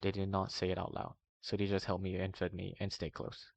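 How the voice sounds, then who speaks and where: A man reading a long document aloud in a steady way, now and then stumbling and correcting himself, in a dull, slightly muffled recording. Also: deep voice, a little fast, creaky. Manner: steady reading with small slips and self-corrections. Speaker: reader of a document. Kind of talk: long read-aloud narration.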